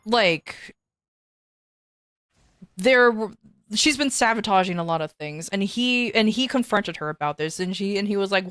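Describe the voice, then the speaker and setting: Female streamer, casual storytelling, swears a lot, rambling restarts, medium pitch, dry close sound. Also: expressive, measured pace, long pauses, fairly bright tone, clear, resonant tone, dry recording. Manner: profane, rambling, many restarts and fillers.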